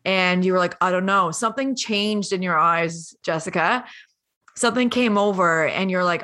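A woman's voice: lowish voice, moderate pace. A woman who coaches and hosts, speaking emotionally and encouragingly to a guest, near tears at times. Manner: warm, encouraging, tearful at times. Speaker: coach and host. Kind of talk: emotional conversation.

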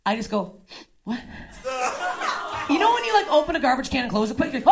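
A young woman doing stand-up comedy, telling crude stories and throwing quick asides to the audience. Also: sits high, very animated, a crowd in the background. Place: comedy club stage before a laughing crowd. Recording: live club with audience laughter.

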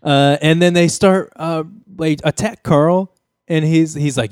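A man hosting a casual podcast chat, retelling a TV episode with jokes and quick impressions of the characters. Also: a little high, expressive, darkish tone, smooth, dry recording, clean studio sound. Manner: joking storyteller, mimics characters' lines. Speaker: podcast host recapping a sitcom episode.

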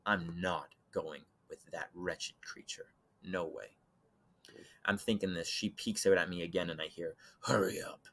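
A young man tells a chilling personal story as a guest on a talk show. His voice is low yet bright and forward. He acts out other voices and swings between loud outbursts and hushed near-whispers. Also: unhurried, gravelly. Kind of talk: dramatic storytelling in conversation.

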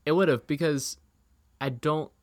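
A man co-hosting a podcast in casual chat, with a wry, deadpan humor. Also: fairly high pitch, a little slow, no room sound. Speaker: podcast co-host.

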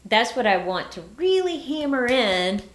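A woman's voice: fairly high pitch, big pitch swings, measured pace, echoey room. A middle-aged woman co-hosting a casual talk, earnest and emphatic, giving example phrases. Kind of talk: casual conversation.

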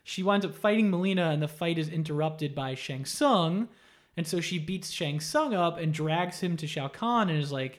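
A man's voice: fairly high pitch, normal speed. A man casually retelling a video game story in a loose, profane way, acting out the characters' lines. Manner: animated, profane storytelling with acted-out quotes.

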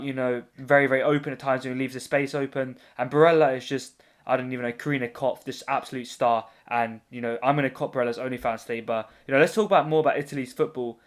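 Brash joking podcast host, a man. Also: mid-range voice. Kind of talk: casual football chat.

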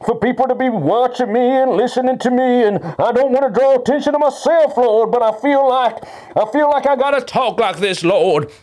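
A man's voice: very high voice, normal speed, a little mellow, voice pushed up. A man putting on an overblown, attention-hungry male politician who preaches and wails to the Lord. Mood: melodramatic. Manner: wailing, theatrical, calls on the Lord.

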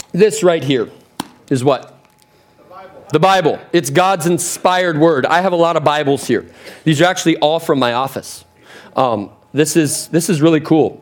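A man preaching a sermon as a pastor, telling a story with animated energy and frequent word repeats. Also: medium pitch. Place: church platform.

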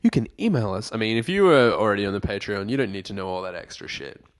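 A man's voice: fairly low pitch, lively intonation, quick pace, no room sound, clean studio sound. A man co-hosting a casual film-review podcast, chatty and laid-back, swearing casually. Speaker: podcast co-host.

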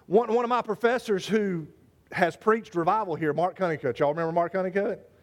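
A man preaching to his congregation, his voice sitting noticeably high. He is animated and conversational, calls people out by name and jokes with them as he teaches. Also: brisk. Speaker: pastor. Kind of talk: sermon.

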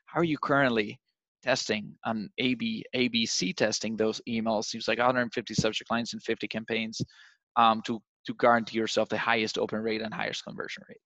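A man's voice: on the low side, steady tone, a little fast, bright, forceful tone, no room sound. A young man coaching a trainee on cold calling, acting out phone calls in different voices to make his points. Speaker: sales trainer. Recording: dull, slightly lo-fi dry sound.

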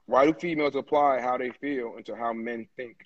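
Animated guy on a podcast, cusses a lot, kinda dull muffled audio. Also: mid-range voice, brisk. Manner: animated, emphatic, swears freely. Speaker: podcast co-host. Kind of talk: casual chat.

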